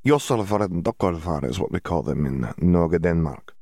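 A man's voice: sits low, expressive, normal speed, a little mellow, no room sound, clean studio sound. A man voicing a cheerful young foreign wizard student in an audiobook, who stammers and hunts for words in broken English.

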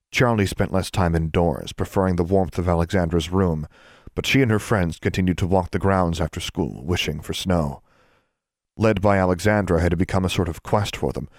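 A man reading fiction aloud as an audiobook narrator, steady and measured. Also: deep voice, no echo, clean studio sound. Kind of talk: scripted narration.

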